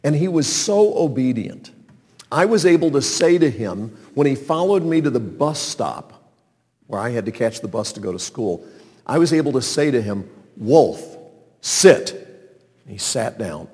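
Husky, lively man telling a story in a hall. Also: medium pitch, moderate pace. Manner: animated storyteller, acts out calls and sounds. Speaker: speaker telling a story to an audience. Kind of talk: anecdotal sermon storytelling. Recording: long reverb of a large hall.

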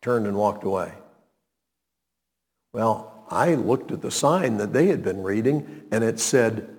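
An older man telling a personal story to a live audience, animated, with sudden emphatic exclamations and wry asides. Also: lowish voice, measured pace, pauses often, slightly rough. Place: hall with a seated audience. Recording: long hall reverb, live room.

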